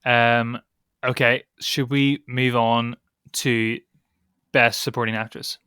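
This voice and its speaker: A young man with a Northern Irish accent, co-hosting a casual film podcast and giving opinionated, animated critiques. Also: mid-range voice, slow, clear, resonant tone, dry recording, studio quality. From Northern Ireland. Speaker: podcast co-host.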